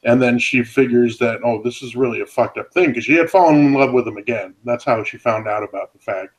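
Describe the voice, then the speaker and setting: A man's voice: mid-range voice, fairly quick, rough recording. A man co-hosting a podcast, retelling a film's plot in a loose, rambling way, swearing often and calling his friend "dude". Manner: rambling, profane, says "dude" a lot. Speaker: podcast co-host. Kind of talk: casual chat.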